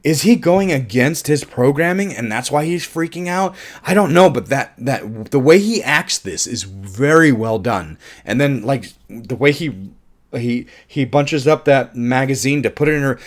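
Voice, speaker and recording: A man's voice: mid-range voice, animated, measured pace. A man giving a casual, enthusiastic film review, rambling with restarts, swearing and laughing at his own jokes. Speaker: movie reviewer.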